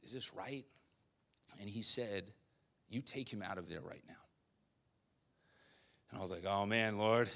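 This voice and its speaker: A young man preaching a sermon, telling a personal story in a conversational, animated way with quoted dialogue. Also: on the low side.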